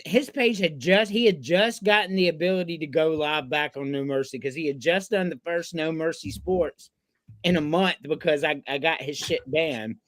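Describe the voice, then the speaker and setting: A woman's voice: sits low, moderate pace, no room sound. A woman co-hosting a casual podcast, telling stories with frequent laughs and swearing. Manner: giggly, profane storyteller. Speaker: podcast co-host. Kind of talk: casual chat.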